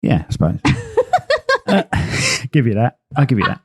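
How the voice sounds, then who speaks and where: Man, podcast co-host, mid pitch, dry close sound, chatty and self-mocking. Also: wildly swooping pitch, normal speed, slightly rough, no echo. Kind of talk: casual chat.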